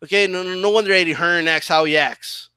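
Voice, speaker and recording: A man's voice: sits high, fairly even intonation, a little fast, pushed and bright, clean tone, dry recording, studio quality. A man hosting a boxing channel, ranting sarcastically and swearing in a loose livestream chat, often ending his points with "right?". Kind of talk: profane livestream rant.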